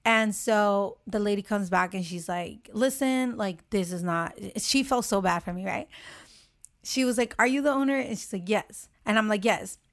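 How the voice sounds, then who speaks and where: A young woman in casual chat, telling a story with lively acted-out quotes and frequent swearing. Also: mid-range voice, moderate pace. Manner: animated storytelling, acts out quotes, swears freely.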